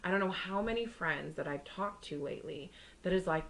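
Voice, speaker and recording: A woman's voice: fairly quick, creaky, fairly bright tone, slight background noise, rough recording. A young woman co-hosting a podcast, chatting casually and acting out the people in her stories. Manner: chatty storyteller, acts out quotes with big pitch jumps. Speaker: podcast co-host. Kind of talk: casual chat.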